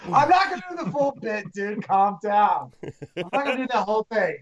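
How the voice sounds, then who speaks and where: A man's voice: high voice, lively intonation, normal speed. A man joking in a self-deprecating way as a guest in casual podcast chat.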